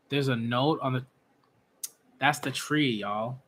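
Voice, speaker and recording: A man hosting a live manga reaction, talking in an excitable, gushing way with lots of fillers. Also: mid-range voice, slow pace, long pauses.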